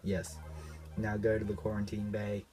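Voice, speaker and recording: A man with a cough reading lines as a blunt starship computer in a stiff, flat mock-robot delivery. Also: lowish voice, moderate pace, soft background music, lightly acted, poor audio. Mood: commanding. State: unwell, coughing. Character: ship's computer, blunt commanding AI.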